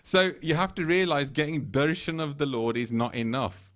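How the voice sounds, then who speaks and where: A man's voice: on the high side, expressive, normal speed. A man giving a temple sermon in a conversational way, laughing often and acting out quoted voices. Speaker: temple speaker. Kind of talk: sermon retelling scripture stories. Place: temple hall.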